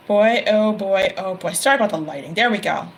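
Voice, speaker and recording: A woman's voice: mid-range voice, a little fast, a little hiss or hum, rough recording. A middle-aged woman giving a tarot reading to camera, emphatic and given to repeating her phrases and exclaiming. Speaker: tarot reader.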